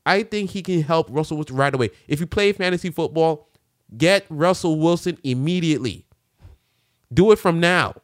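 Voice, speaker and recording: A man co-hosting a casual sports chat, loud and animated, joking around and swearing freely. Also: fairly high pitch, moderate pace, no room sound, clean studio sound. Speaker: sports podcast co-host.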